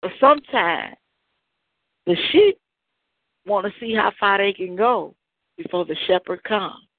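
A woman's voice: medium pitch, normal speed, no echo. Emphatic woman caller on the phone. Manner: emphatic, preachy. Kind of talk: encouraging call-in testimony. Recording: dry, tinny phone line.

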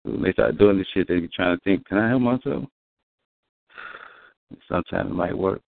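Gravelly low-voiced man preaching casually. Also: flat delivery, quick pace, slight background noise. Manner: preachy, profane, acts out quotes. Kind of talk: casual street-talk discussion. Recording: dry, phone-like band.

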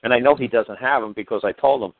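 A man's voice: mid-range voice, fast, dry recording. A man telling a heated, profane story on a call and acting out the arguments he had. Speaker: guest recounting a legal dispute. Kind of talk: casual phone-in chat. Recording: tinny dry phone line.

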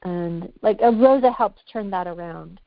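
In an unhurried, fairly low voice, a woman guesting on a podcast speaks frankly and reflectively while reaching for her words. No room sound can be heard, and the audio is muffled, dry and lo-fi.

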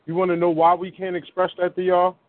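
A man's voice: high voice, completely flat delivery, quick pace, a little hiss or hum. A man co-hosting a radio talk show in casual chat, emphatic and repeating himself. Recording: phone-like narrow band.

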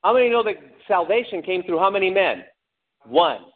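A man preaching a sermon with lively delivery, asking the congregation questions and acting out angry cries. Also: high voice, moderate pace. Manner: animated preaching, calls out to the congregation, acts out angry shouts. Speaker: pastor. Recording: tinny phone-like lo-fi sound.

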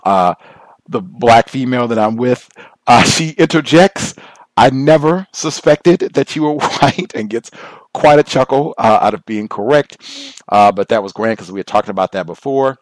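A man's voice: lowish voice, moderate pace, no room sound. A man hosting a podcast, telling a personal story in a casual monologue and acting out the other people in it. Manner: conversational, animated when quoting others. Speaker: podcast host.

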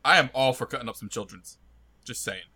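A man playing a tabletop game in character, joking in a deadpan way. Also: medium pitch, fairly quick. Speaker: player.

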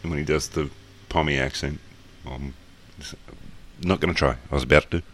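A man's voice: a bass voice, fairly even intonation, normal speed, fairly bright tone. A man with an Australian accent, co-hosting a podcast in casual, crude and joking chat. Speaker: podcast co-host.

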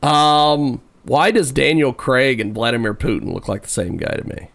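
A man's voice: medium pitch, moderate pace, vocal fry, fairly bright tone. A male radio show host interviewing a guest in a casual, rambling way, laughing often and poking fun at himself.

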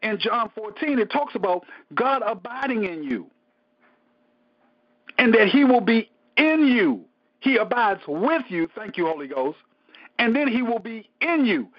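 A man with a notably high voice preaches through a Bible study, talking plainly and colloquially to his listeners. He hammers points by repeating them and drops in bursts of praise along the way. The recording sounds dull and lo-fi. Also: sing-song, measured pace. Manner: emphatic, repeats phrases, interjects praise; casual colloquial speech. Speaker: pastor teaching Bible study. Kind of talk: conversational sermon teaching.

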